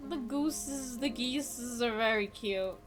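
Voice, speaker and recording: A woman's voice: fairly high pitch, slow pace, faint music behind. A woman from Georgia in the US, streaming while doing nail art and chatting casually, rambling and giggling, with the odd swear.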